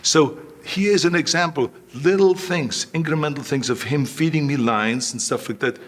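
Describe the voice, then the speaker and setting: A man's voice: fairly high pitch, normal speed. A man in his sixties with a firm Austrian accent tells stories as an interview guest. He leans on words for emphasis, repeats phrases and acts out what others said to him. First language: German. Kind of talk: storytelling interview.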